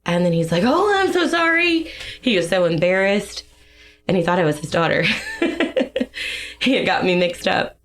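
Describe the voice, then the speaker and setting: A young woman giving a personal testimony in a podcast interview, emotional and halting, with fillers and soft laughs. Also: on the low side, fairly even intonation.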